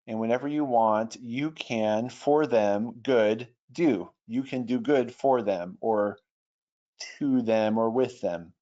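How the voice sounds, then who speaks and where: A man teaching an online webinar on translation, talking in a thoughtful, hesitant way with restarts, slowly sounding out foreign phrases. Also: medium pitch, darkish tone, muffled recording. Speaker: Bible software trainer. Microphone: computer mic over internet.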